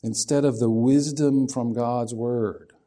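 Male preacher, mellow tone, folksy sermon delivery that asks the listeners questions. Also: mid-range voice, steady tone, slow.

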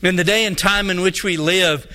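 Male pastor from Colorado, high bright voice, folksy storytelling sermon. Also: steady tone, moderate pace. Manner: folksy storyteller, acting out both sides of a dialogue.

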